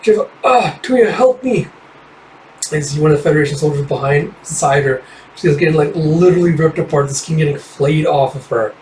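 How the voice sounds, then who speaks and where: A man's voice: fairly high pitch, level tone, fast, a little mellow, reverberant, far from the mic, a little hiss or hum, low-quality recording. A man casually reading through a comic book, summarizing panels in a rambling, offhand way with fillers and swearing.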